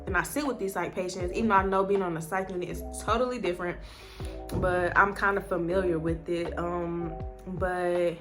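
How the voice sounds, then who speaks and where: A woman's voice: on the low side, fairly even intonation, moderate pace, music in the background. A woman chatting casually as a nursing student vlogger, full of "like" and "um". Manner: chatty, leans heavily on "like" and "um". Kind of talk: casual chat.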